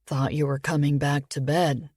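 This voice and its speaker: A woman's voice: sits low, level tone, moderate pace, a little mellow, husky, dry recording, clean studio sound. A woman voicing a playful, affectionate grown man, her lover, who teases her. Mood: sleepy grumbling. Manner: playful, teasing. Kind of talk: audiobook character voice.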